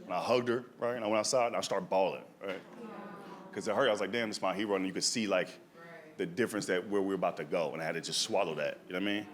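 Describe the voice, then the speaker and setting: A man's voice: low-pitched, quick pace. A male stand-up comedian telling a story to a live audience in a conversational way, often tagging lines with "right?". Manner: conversational, leans on "right?" and "dog". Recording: live show with audience noise.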